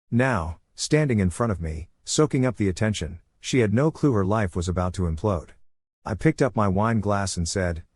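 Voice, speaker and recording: A man narrating a first-person drama story in a calm, cool tone. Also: fairly low pitch, husky, no room sound, clean studio sound.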